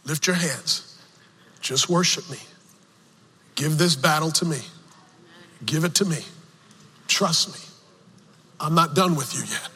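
A man preaching a sermon, telling a personal story slowly with emotional swings, from the pulpit of a church. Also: on the high side, pushed and bright, slight background noise. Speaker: pastor. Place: church sanctuary. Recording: long reverb of a large hall.

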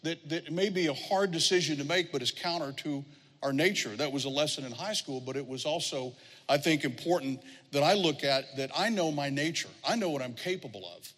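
A man's voice: fairly high pitch, a little fast, a bit bright. A middle-aged man preaching a sermon as pastor, telling stories and acting out the people he quotes. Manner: storytelling, acts out quoted voices. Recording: long hall reverb.

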